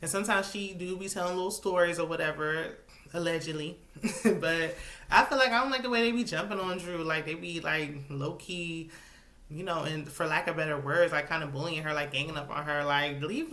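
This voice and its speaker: A sassy woman with a lowish, bright, forceful voice chats through her reality TV recap. She drops into asides and shoots up into high exclamations when something annoys her. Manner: sassy, animated commentary with sudden high-pitched exclamations. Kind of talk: casual chat.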